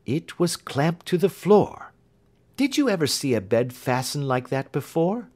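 A man reading an audiobook who voices a keen, confident Victorian male detective, raising his voice and explaining briskly. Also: fairly high pitch, voice pushed up. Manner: brisk, lively, lecturing.

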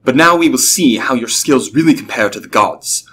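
A man's voice: mid-range voice, lively intonation, normal speed, a bit bright, a little hiss or hum, close to an everyday voice. A man voicing a tall, cold and wrathful goddess in a storybook reading. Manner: angry, cold.

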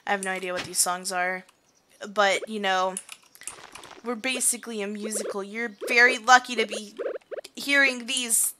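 A woman's voice: mid-range voice, fairly even intonation, normal speed, bright, forceful tone, a little hiss or hum. A young woman casually commenting on her farming game as she plays, chatty and self-mocking, singing and muttering to herself. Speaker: gaming streamer. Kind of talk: casual let's-play commentary.

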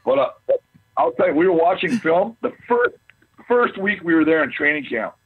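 A man, a former football player, telling rambling, animated stories as an interview guest, with many restarts. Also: on the high side, normal speed, husky. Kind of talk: casual storytelling interview. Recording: tinny phone line.

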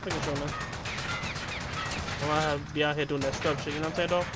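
Excitable trash-talking man playing a shooter. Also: on the high side, quick pace, loud music behind the voice. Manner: excitable, profane trash talk. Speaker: gamer. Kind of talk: live gameplay commentary. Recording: loud game gunfire and vehicles over voice. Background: shooter game gunfire and explosions.

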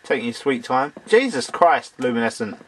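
A man doing let's-play commentary, excitable, swearing at the game and talking to its characters, and a bit hoarse as he loses his voice. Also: mid-range voice, normal speed, a little hiss or hum. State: losing his voice. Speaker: let's player. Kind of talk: gameplay commentary.

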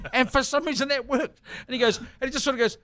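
A man with a New Zealand accent, a podcast host telling a comic anecdote in an animated, laughing way. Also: very high voice, brisk, dry recording, clean studio sound. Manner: animated storyteller, laughing through his tale. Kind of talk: comedic anecdote.

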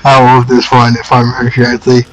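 A man's voice: medium pitch, monotone, fast, faint music behind, low-quality recording. A man giving casual, amused commentary while playing a dating game. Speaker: let's play host.

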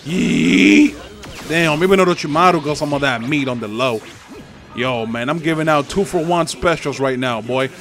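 A man's voice: on the high side, brisk, a bit bright, soft background music. A young man with a Spanish accent giving loose, profane, trash-talking commentary while he plays a fighting game online. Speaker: gaming channel host. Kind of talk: live gameplay commentary.

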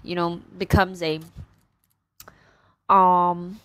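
A woman chatting casually about a book as a reviewer, retelling it in a rambling, animated way full of fillers. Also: fairly low pitch, drawn-out words, no room sound, poor audio.

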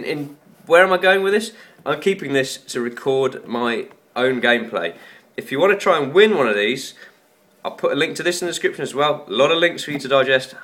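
A man's voice: mid-range voice, fairly bright tone. A man talking casually through an unboxing, rambling and joking at his own expense. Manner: rambling, chatty and self-mocking. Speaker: tech YouTuber.

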